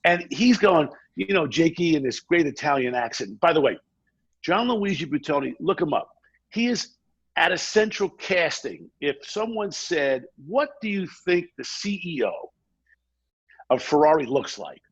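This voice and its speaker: A middle-aged man, a guest on a podcast, telling a story in a fast, energetic way and acting out quotes. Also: fairly high pitch, breathy edge, dull audio. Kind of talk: animated storytelling.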